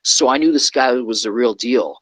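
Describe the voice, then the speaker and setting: A man's voice: mid-range voice, moderate pace, dry recording, poor audio. A man, a guest from California, telling a rambling story in casual talk and often checking in with "okay?". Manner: rambling, keeps adding "okay?".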